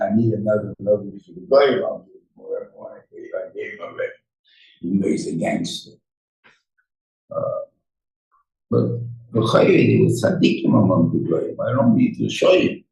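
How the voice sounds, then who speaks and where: An older man teaches a Torah class in a gravelly, mellow voice. He talks in a halting, rambling way, full of restarts. He is recorded from a distance in an echoey room. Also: low voice, faint music behind. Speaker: rabbi giving a Torah class. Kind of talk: informal Torah lecture. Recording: echoey room, voice far from the mic.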